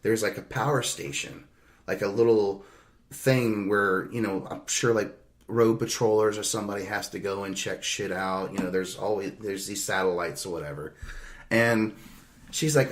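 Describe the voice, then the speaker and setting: A man's voice: fairly low pitch, moderate pace. Profane rambling storyteller, casual man. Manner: rambling, profane, laughs through his anecdotes. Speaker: podcast host.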